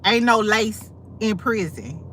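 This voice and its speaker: A woman's voice: medium pitch, slow pace, a bit bright, a little hiss or hum. A woman host on a casual livestream, telling blunt, profane gossip stories full of asides. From St. Louis. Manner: sassy, blunt, profane storytelling with many asides.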